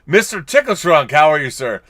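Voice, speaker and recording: Animated bright-voiced man reading super chats. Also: fairly high pitch, a little fast, dry recording, clean studio sound. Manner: animated, jokey, stumbling restarts. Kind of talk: casual tipsy chat on a live stream.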